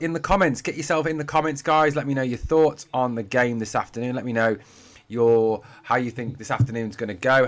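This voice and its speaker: A man with a northeast English accent talks through a live football watch-along from his home streaming setup. His pitch is mid-range for a man, and he keeps up a chatty, casual patter, calling his viewers mate and guys between comments. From Durham, northeast England. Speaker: football fan channel host. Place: home room being packed up for a move.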